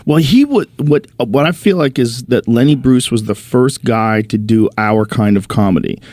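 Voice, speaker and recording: A man's voice: medium pitch, normal speed, darkish tone, no room sound. Male host chatting, emphatic, cusses casually, mid voice, dry mic. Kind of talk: casual chat.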